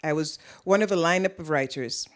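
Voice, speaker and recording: A woman from Jamaica with a Caribbean accent softened by years in Canada, giving a prepared lecture at a public event in a measured, deliberate way. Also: sits low. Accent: Caribbean, tempered by years in Canada. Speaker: author giving a keynote talk.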